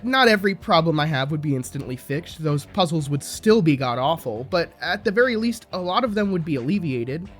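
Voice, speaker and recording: A man with a slightly high voice delivers scripted commentary, critical and sarcastic in tone. Faint music plays quietly underneath him. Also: expressive, fairly quick, few pauses. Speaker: video essayist.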